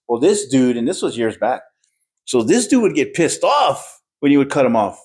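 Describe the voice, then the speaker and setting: A man co-hosting a casual podcast, telling stories and swearing freely. His pitch swings widely as he talks. He sounds loose and animated. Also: normal speed, slightly rough. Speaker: podcast co-host. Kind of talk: casual chat.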